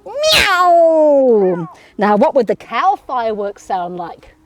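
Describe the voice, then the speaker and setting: A woman's voice: medium pitch, lively intonation, moderate pace. An Australian woman leading a children's yoga class in an encouraging, sing-song way, with playful animal sounds. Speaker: kids yoga teacher.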